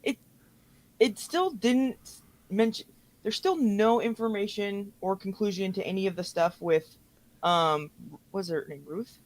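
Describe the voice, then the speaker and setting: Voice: mid-range voice, a little slow. A podcast co-host in casual chat who gives short replies and asks curious questions. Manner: brief backchannels, curious questions.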